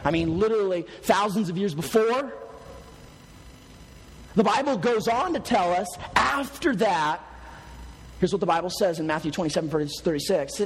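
A man preaching a sermon, animated and swinging from hushed to loud, laughing often as he tells stories. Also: high voice, moderate pace, pauses often, slight background noise. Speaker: pastor. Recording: long hall reverb.

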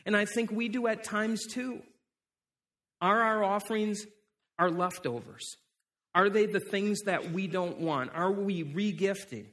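A man's voice: sits high, measured pace, fairly bright tone. A man preaching a sermon in a conversational way, often repeating words as he restarts. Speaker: pastor.

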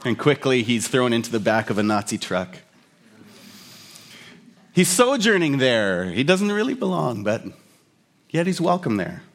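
Male pastor, mid-pitched, chatty explanatory sermon with jokes. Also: big pitch swings, unhurried, pauses often. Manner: conversational, explanatory, with humorous asides.

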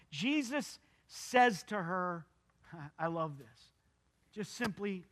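High, bright-voiced preacher man. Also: expressive, measured pace. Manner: earnest, emphatic, repeating key phrases. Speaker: pastor. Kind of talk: sermon.

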